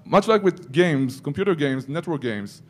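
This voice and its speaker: A man's voice: on the high side, expressive, moderate pace. A man giving a security conference talk, breaking into joking asides to the audience. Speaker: conference speaker.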